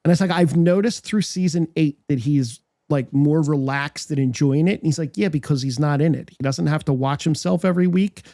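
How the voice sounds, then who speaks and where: Podcast co-host, male, raspy-gravelly voice, animated anecdote teller, dry close mic. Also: a little high, fairly quick, hardly any pauses, no echo. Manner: storytelling, acts out quotes, frequent restarts. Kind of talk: casual chat.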